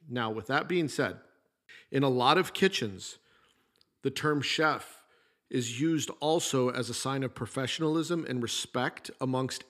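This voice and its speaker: A middle-aged man hosts his own podcast, talking alone in a relaxed, plainspoken storytelling way. He sounds like a former chef looking back on his kitchen years, with the odd mild curse. His voice sits at an ordinary middle pitch for a man. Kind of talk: casual solo podcast monologue.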